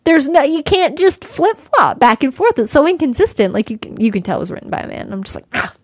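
Sarcastic, animated woman chatting casually. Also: sits high, fast talker, no room sound, clean studio sound. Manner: animated, sarcastic, swears freely. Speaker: podcast co-host. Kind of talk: casual chat.

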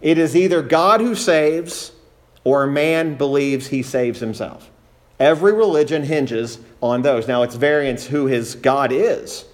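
A man's voice: medium pitch, measured pace. A man preaching a sermon in a church, teaching earnestly and repeating phrases for emphasis.

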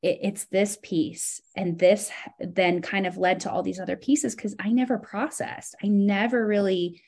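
Unhurried yet animated, a woman chats casually as a podcast guest. When recounting her feelings, her expressive voice swings up in pitch.

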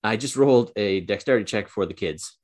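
A man narrating a tabletop game as game master, casual and halting, with many fillers. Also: fairly low pitch, darkish tone.

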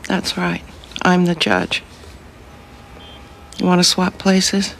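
An actress playing a stern juvenile-court judge in a TV drama, speaking in measured, severe pronouncements. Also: female voice, on the low side, big pitch swings, gravelly, a little hiss or hum, heavily acted. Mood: firm.

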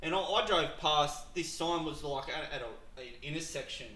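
A man telling stories as a podcast guest in casual chat, animated, acting out dialogue and laughing often. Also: on the high side, normal speed, roomy sound, rough recording.

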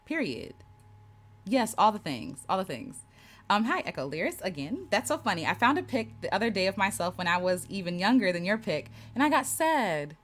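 Woman doing a chill livestream, reading comments out loud, lots of ups and downs in her voice, laughs a bunch. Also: mid-range voice, very animated, normal speed, soft background music. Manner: warm, affirming, laughs often, reads comments aloud. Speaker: host reading live chat. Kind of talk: casual livestream chat.

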